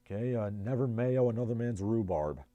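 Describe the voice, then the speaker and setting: A man's voice: fairly low pitch, animated, moderate pace, warm tone, no room sound, muffled recording. A man with a New Jersey accent hosting a casual livestream, reading chat messages and riffing with sardonic, rambling asides. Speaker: livestream host.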